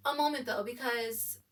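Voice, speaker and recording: A woman recapping a TV episode in animated, gushing casual commentary. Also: on the high side, recorded from a distance. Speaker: TV recap vlogger.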